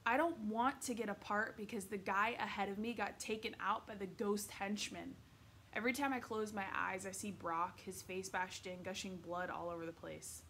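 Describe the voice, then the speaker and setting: A woman's voice: mid-range voice, steady tone, normal speed, fairly bright tone, a little hiss or hum, close to an everyday voice. A woman voicing an indignant middle-school boy who speaks bluntly, in a read-aloud storybook. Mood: angry. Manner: blunt, exasperated.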